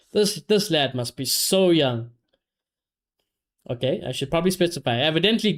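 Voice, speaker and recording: A young man hosting a live football watchalong, reacting excitedly, swearing heavily and shouting when his team scores. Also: sits high. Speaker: watchalong streamer.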